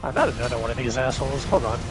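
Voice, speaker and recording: A man's voice: mid-range voice, animated, very fast, over music. A man playing a co-op game, complaining and exclaiming about what happens to him in the game. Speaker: co-op player. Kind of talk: casual gaming chat.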